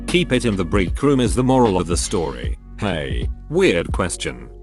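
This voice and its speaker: A low male narration voice reads online posts aloud in a scripted, synthetic-sounding style. His pitch swings up and down in a lively way. Soft music plays faintly underneath.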